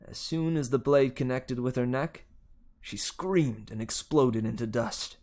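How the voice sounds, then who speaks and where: A man reading a novel aloud, with steady first-person narration. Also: mid-range voice. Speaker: audiobook reader.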